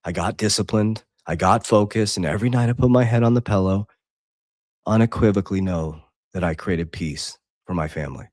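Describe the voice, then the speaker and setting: On a casual livestream, a low-voiced man talks fairly quickly in a dry, clean studio recording. He is intense and preachy, reading Bible verses and chat comments aloud while swinging between loud and quiet.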